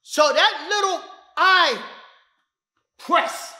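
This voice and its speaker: A man teaching self-defense moves on a partner. He talks in an emphatic, street-wise way, with loud bursts of stress. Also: extremely high pitch, very slow. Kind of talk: demonstration teaching. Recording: echoey room.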